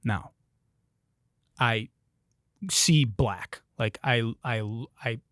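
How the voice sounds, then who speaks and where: A man's voice: medium pitch, extremely slow, fairly bright tone, dry recording, studio quality. A man from Detroit hosting a podcast, telling a story in a profane, emphatic way. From Detroit, United States. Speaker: podcast host. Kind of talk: comedic storytelling.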